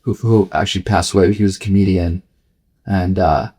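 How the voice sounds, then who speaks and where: Podcast guest, man, 40s, low husky voice, blunt and candid storyteller who swears and voices quotes. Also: fairly even intonation, brisk, warm tone. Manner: frank, swears freely, acts out quoted dialogue.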